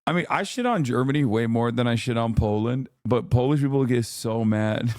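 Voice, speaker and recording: Streaming from home, a man reacts to a video and chats casually with his viewers in a brash, profane way, laughing often. His mid-range voice moves at normal speed and is a little mellow, with a dry, clean studio sound.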